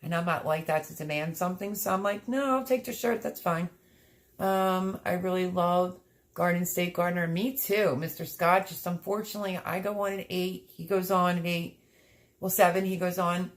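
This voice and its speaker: A livestream host with a fairly low, steady voice chats casually at a normal speed and reads out viewer comments. She's effusive and a bit teary, sniffling as she goes.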